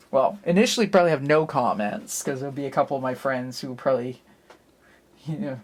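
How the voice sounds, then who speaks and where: A woman's voice: rumbling low, fast. A woman vlogger chatting in a rambling, self-deprecating way while she inks a cartoon at her drawing desk. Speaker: artist vlogger. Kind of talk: casual chat while inking a cartoon. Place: at a drawing desk under bright lights.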